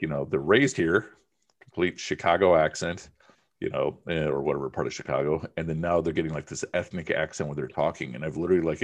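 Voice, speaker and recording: Male teacher with an extremely low, deep voice, chatty and emphatic in class. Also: a little mellow. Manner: conversational, emphatic, uses many fillers. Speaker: religion teacher. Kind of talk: informal class discussion.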